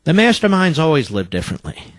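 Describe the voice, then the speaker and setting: A man's voice: fairly high pitch, huge pitch swings, a little fast, dry recording. A man hosting a talk radio show, delivering a combative, sarcastic monologue.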